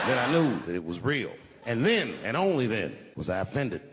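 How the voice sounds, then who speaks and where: A man's voice: medium pitch, very animated, a little fast, few pauses. Laid-back man in his fifties doing stand-up. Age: 50s. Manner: laid-back storytelling with repeated words. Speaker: stand-up comedian. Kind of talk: stand-up comedy routine. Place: large venue on stage. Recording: echoey hall with audience noise.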